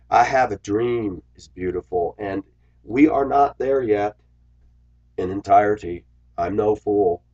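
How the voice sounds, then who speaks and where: A man, a bus driver telling a casual, animated story and acting out the voices of others. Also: low voice. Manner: animated, acts out quoted voices. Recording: dull lo-fi sound.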